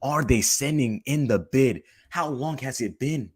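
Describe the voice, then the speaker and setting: A man's voice: mid-range voice, measured pace, hardly any pauses, slightly rough, no room sound, studio quality. A young man hosting a fan stream, ranting angrily and repeating "bro" constantly. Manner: heated, repetitive, says "bro" constantly. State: fuming. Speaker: fan channel host. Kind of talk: angry live-stream rant.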